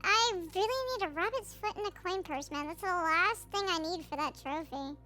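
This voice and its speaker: A woman streamer giving casual, excitable gameplay commentary and swearing freely. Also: very high voice, moderate pace, faint music behind.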